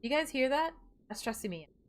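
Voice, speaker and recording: A woman's voice: sits high, animated, brisk. A woman streaming a game, chatting casually, muttering to herself and breaking into playful outbursts.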